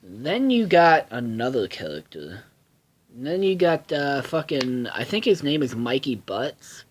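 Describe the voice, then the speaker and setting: A man's voice: medium pitch, very animated, a little slow, slight background noise. A man casually reviewing a cartoon episode, swearing a lot and rambling with many fillers and restarts.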